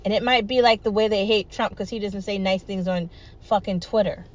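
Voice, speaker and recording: A woman's voice: mid-range voice, fairly even intonation, brisk, highs cut off. A woman talking alone in an emphatic, repetitive, rallying way, swearing freely. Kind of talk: solo monologue vlog.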